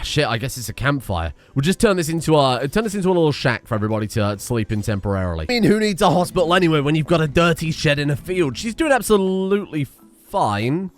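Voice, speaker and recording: Excitable man streaming a game. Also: medium pitch. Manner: chatty, excitable, swears often. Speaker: gaming streamer. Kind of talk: casual gameplay commentary.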